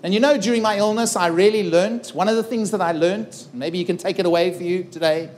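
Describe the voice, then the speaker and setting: A middle-aged man from South Africa tells a personal story from a festival stage. His voice sits fairly high, and he delivers it earnestly, acting out the dialogue. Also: fast talker, a little mellow, slight background noise. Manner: earnest, dramatic retelling with acted-out dialogue. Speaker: keynote speaker. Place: festival stage before a live audience.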